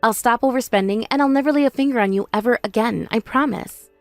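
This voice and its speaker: A woman's voice: a little high, fast talker, no room sound, soft background music, lightly acted. Woman voicing a pleading remorseful young wife. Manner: pleading, apologetic. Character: desperate remorseful young wife begging forgiveness. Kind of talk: scripted drama voice acting.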